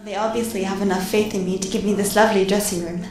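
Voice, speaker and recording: A woman's voice: medium pitch, level tone, quick pace, a little mellow, close to an everyday voice. A woman playing an earnest young singer. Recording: roomy film audio with music.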